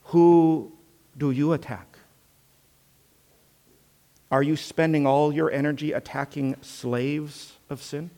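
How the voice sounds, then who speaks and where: A man preaching a sermon with earnest rhetorical questions, swinging between loud emphasis and hushed tones. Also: fairly high pitch, steady tone, slow, pauses often, big-room sound.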